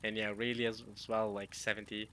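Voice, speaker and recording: A young man giving casual, excitable reaction commentary on a manga chapter, slangy and full of restarts. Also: lowish voice, a little fast.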